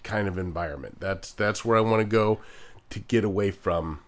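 Podcast guy, kinda low voice, stops and starts a lot, lots of ums. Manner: halting, hesitant, lots of fillers. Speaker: podcast co-host. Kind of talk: casual podcast chat.

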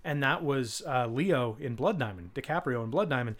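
A man's voice: mid-range voice, expressive, normal speed. Rambling, swearing male podcast co-host. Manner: rambling, swears casually, many fillers and restarts. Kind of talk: casual chat.

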